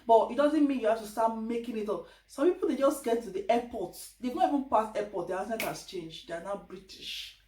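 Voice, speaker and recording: A woman's voice: a little high, brisk, hardly any pauses. Chatty Nigerian woman in echoey room. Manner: chatty, animated, quotes others in voices. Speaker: vlogger. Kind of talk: casual advice vlog. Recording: echoey room, distant mic.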